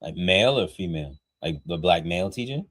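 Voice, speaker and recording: A man with a deep, somewhat bright voice speaks a little fast and animatedly as a podcast co-host who also coaches workshops. His casual conversation is reflective, peppered with frequent brief affirmations.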